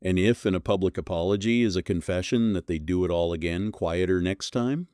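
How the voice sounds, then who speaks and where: A man's voice: low voice, fairly quick, a little mellow, clean tone, no room sound, clean studio sound. A man delivering a scripted commentary monologue, blunt and scornful, leaning hard on single words. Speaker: commentary host.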